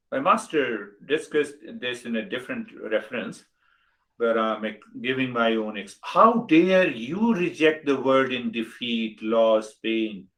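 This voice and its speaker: An older man with an Indian English accent leads a spiritual lesson. He presses his points with repeated rhetorical questions at a medium pitch. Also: fairly bright tone, rough recording. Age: 60s. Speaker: spiritual teacher. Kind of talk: spiritual talk.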